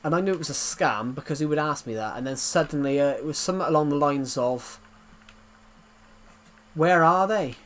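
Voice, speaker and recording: Rambling man, slightly high voice. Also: fast, few pauses. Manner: rambling anecdotes, laughs at his own jokes. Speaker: game streamer. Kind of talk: casual chat while streaming.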